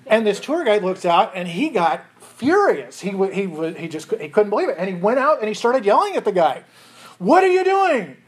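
A man preaches a sermon in a husky, slightly breathy voice. He speaks earnestly, often restarting phrases and chuckling between thoughts. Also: high-pitched, big pitch swings, fairly quick, hardly any pauses. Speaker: pastor.

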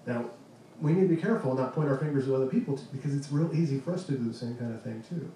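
A man preaching a conversational sermon as pastor, earnest, with pauses and restarts. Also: mid-range voice, mellow. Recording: echoey room, distant mic, faint noise.

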